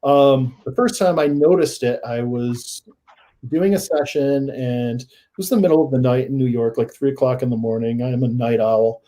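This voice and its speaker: A man guest on a paranormal podcast, telling his stories in a casual, animated way that rises into excited emphasis. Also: mid-range voice, normal speed. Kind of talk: casual storytelling in a podcast interview.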